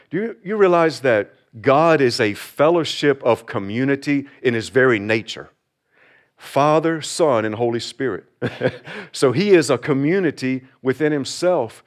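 A man pastor giving a sermon, moving from quiet talk and prayer into slow, emphatic, rising preaching. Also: medium pitch. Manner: builds from quiet intro to fervent preaching, slow emphatic phrases; prays aloud.

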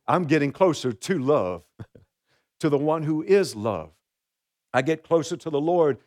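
A man's voice: on the high side, a little mellow. A man, a pastor, preaching a sermon, repeating key phrases and asking the congregation questions.

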